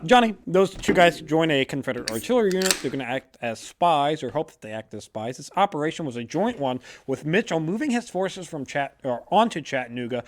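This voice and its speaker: Brief: lively man, slightly high voice, casual profane history storyteller, lots of filler. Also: background noise. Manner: loose and profane, with many fillers and restarts. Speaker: podcast host telling a history story.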